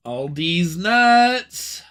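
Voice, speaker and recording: A man streaming a game, chatting casually with his chat, swearing freely and breaking into loud outbursts and laughter. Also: high voice, expressive, drawn-out words, clean tone.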